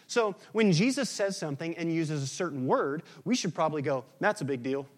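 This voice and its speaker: A man preaching a sermon as pastor, swinging between loud emphatic bursts and quiet, hushed lines. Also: on the high side, expressive, brisk.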